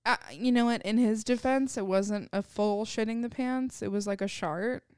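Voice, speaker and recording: A woman hosting a casual podcast, joking and tossing out quick asides. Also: a little high, darkish tone, smooth, no echo, clean studio sound.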